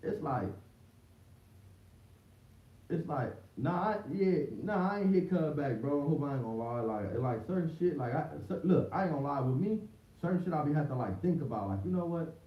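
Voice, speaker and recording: A livestream host, a man with a fairly high, animated voice, talks at a moderate pace in a slangy, rambling way, often repeating words and starting over. He sounds distant in an echoey room, picked up by a dull, muffled lo-fi mic with faint hiss.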